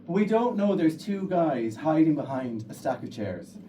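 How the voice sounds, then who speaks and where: A young man with a Kerry accent, his voice pitched high, tells a funny personal story to a live audience. He sits a little back from the mic, with a faint room hum behind him. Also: normal speed, distant mic, poor audio. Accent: Irish, County Kerry. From Ireland. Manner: lively, comic, animated. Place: storytelling stage before an audience.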